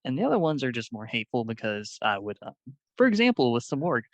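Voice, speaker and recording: A man with a lively, bouncing voice talks on a gaming podcast, chuckling as he rattles off a list. The recording is close and dry. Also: mid-range voice, quick pace, dry recording. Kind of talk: casual gaming podcast chat.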